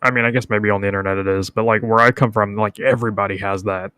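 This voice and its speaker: Young guy, lowish voice, swears a lot, sarcastic and blunt, dry sound. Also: fairly even intonation, fast talker, pushed and bright, clean tone, no echo. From Southern United States. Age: young adult. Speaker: guest content creator. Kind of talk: casual podcast chat.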